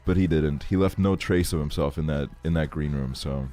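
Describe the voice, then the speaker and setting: A man's voice: rumbling low, normal speed, mellow, faint music behind. A man in his twenties telling a rambling story on a live stream, laughing often and swearing a lot. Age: 20s. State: tired. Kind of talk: casual stream chat, storytelling.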